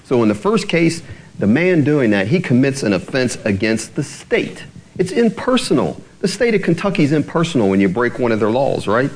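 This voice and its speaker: A man's voice: medium pitch, big pitch swings, normal speed, a little mellow, low-quality recording. A male pastor delivering a conversational sermon, often checking in with his listeners through rhetorical questions.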